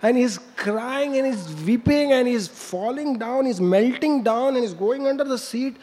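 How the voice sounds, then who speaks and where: A man's voice: very high voice, measured pace, darkish tone. A man preaching, telling a story with laughs and sound effects. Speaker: monk preacher. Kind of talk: storytelling sermon.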